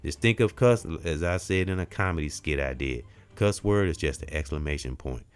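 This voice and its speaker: A man giving an emphatic spiritual self-help talk, preachy in tone, swinging from loud stressed words to quiet asides. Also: very deep voice, lively intonation, normal speed, clean tone. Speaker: motivational speaker.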